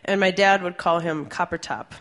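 A woman's voice: fairly low pitch, fairly even intonation, moderate pace, fairly bright tone. A woman telling a personal story on stage, conversational and amused, laughing as she goes. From Puerto Rican family.

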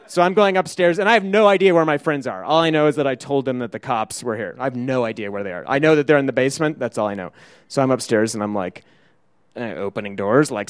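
A middle-aged man tells a rambling, funny personal story to an audience, his voice sitting a touch high. He talks loosely with lots of "like," breaking into laughter often. The sound is dry and close, with no room echo. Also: brisk. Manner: casual, animated, laughing often, peppered with "like".

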